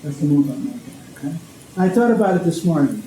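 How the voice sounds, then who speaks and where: A man's voice: fairly high pitch, expressive, fast talker, mellow. A man from Connecticut, a priest and ethicist, giving an informal lecture and checking in with his listeners as he goes. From Connecticut, USA. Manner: conversational, checks in often with "okay?". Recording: echoey hall, faint background noise.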